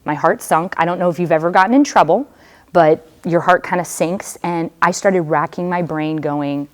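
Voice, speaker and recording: A religious sister tells students her personal testimony, speaking directly to them in a conversational, storytelling way with casual fillers. Her voice is on the low side, at normal speed.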